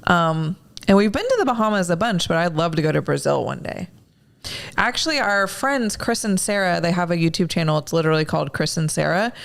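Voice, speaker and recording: A young woman co-hosting a casual livestream, animated and teasing, often laughing. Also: fairly low pitch, a little fast, vocal fry. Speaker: livestream co-host. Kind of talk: casual chat.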